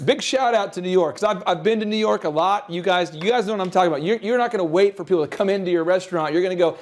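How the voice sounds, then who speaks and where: A man with a high-pitched voice hosts a business show, coaching listeners in a lively, animated way. He grew up in the American Midwest. He often slips into quick acted-out sales pitches. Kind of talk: energetic business advice talk.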